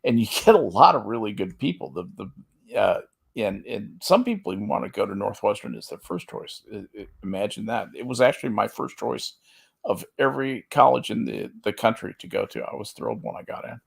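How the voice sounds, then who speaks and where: A man on a podcast panel, talking in a halting way with lots of restarts. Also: lowish voice, expressive, gravelly, husky. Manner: halting, many restarts and stammers. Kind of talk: casual chat.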